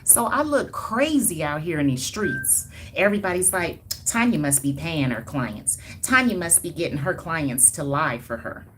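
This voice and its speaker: A woman's voice: low voice, expressive, normal speed, hardly any pauses, a bit bright, slight background noise. A woman hair stylist talking casually and emphatically to viewers on a livestream, with sassy, colloquial asides and chuckles. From Denver, Colorado. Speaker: hair stylist and brand owner.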